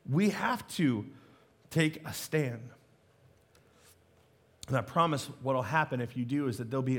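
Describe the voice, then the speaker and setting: A man's voice: a little high, fairly bright tone. A male pastor preaching a sermon, conversational and emphatic, with humorous asides.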